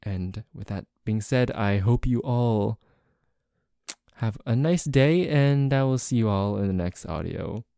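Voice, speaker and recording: Guy doing a chill outro, jokes about himself, laughs a lot, gravelly voice, dry close mic. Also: mid-range voice, unhurried, dark tone, no echo. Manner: self-mocking, joking, laughs often. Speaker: voice actor and channel host. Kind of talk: casual outro chat to listeners.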